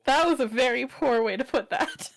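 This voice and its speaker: A woman's voice: high voice, moderate pace, gravelly. A woman playing in a casual tabletop game, playful and chatty. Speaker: player.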